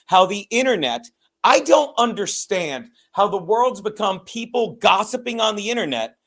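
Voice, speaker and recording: A man's voice: sits high, sing-song, fairly bright tone. A middle-aged man hosting a casual comedy chat show, telling stories and laughing at his own jokes. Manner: storytelling, laughing, quick asides. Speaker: host.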